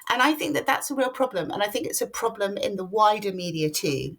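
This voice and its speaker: Woman in her 50s, podcast guest, lowish voice, talks emphatic and builds lists. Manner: articulate, emphatic, lists ideas in runs. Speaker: guest, journalist and author. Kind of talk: podcast interview.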